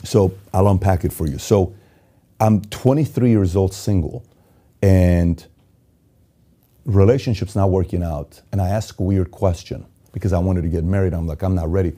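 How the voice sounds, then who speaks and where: A man from Iran giving an intense motivational monologue, swinging between loud urgency and quiet emotion. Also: deep voice, moderate pace, husky. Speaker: motivational speaker.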